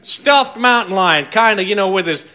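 A man's voice: sits high, expressive, normal speed, pushed and bright. A man telling a tall tale in a folksy, wry way, with chuckling asides. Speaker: storyteller.

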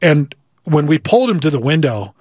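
Husky-voiced man telling a vivid story. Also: a little high, sing-song, moderate pace, no room sound, studio quality. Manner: vivid, repeats words, acts out quoted voices. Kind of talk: animated personal storytelling.

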